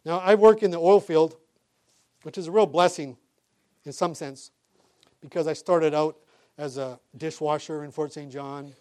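Animated, chuckling male preacher. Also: fairly high pitch, unhurried, long pauses. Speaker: pastor. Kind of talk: sermon.

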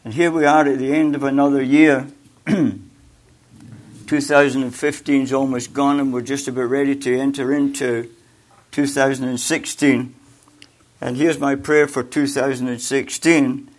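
An older man giving a sermon with personal testimony, halting, with many fillers and repeated words, and growing louder and more emphatic when he exhorts. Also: mid-range voice, flat delivery. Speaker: preacher.

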